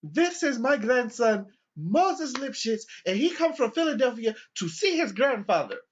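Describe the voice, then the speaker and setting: A man putting on a high, scolding old man. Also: big pitch swings, a little slow, full character voice. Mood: indignant. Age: older. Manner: loud, scolding, profane. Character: indignant old man claiming a grandson. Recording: dull lo-fi recording.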